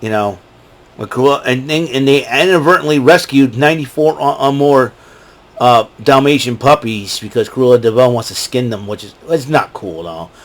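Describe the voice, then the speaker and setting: A man's voice: medium pitch, normal speed. Rambling man chatting about favorite films. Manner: rambling, many fillers and restarts, breaks into quoted movie lines. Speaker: host ranking favorite films. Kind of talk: casual solo commentary.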